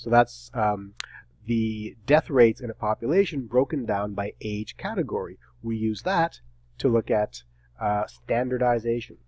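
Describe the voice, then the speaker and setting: Wry, brisk male professor, dry close sound. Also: medium pitch, a little mellow, dry recording, rough recording. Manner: brisk, wry and a little terse. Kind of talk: recorded lecture.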